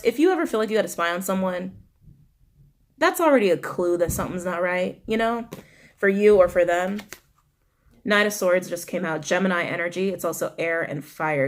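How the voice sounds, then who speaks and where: A young woman giving a casual tarot reading, animated and blunt, swearing and talking straight to her viewers. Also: fairly low pitch, brisk. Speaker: tarot reader.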